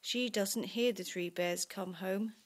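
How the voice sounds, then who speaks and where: A woman reading a bedtime story aloud to her young son, in a slow, lively storybook manner. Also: mid-range voice.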